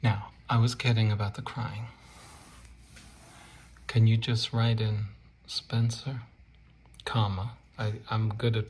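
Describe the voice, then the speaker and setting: A man installs wallpaper indoors while explaining it in a casual how-to tutorial, joking playfully and often dropping to a murmur as he works. His voice is on the low side and creaky, with slight background noise.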